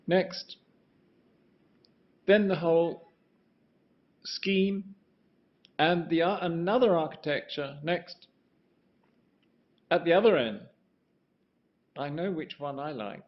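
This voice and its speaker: Through muffled lo-fi sound comes an older man's fairly high voice as he muses his way through a lecture on architecture. He rambles, restarts sentences often and keeps asking for the next slide.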